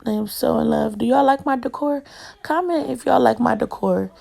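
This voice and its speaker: A woman's voice: fairly high pitch, moderate pace, gravelly, darkish tone. A young adult woman, chatting casually through a home tour and rambling as she keeps calling her viewers y'all. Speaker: home decor vlogger.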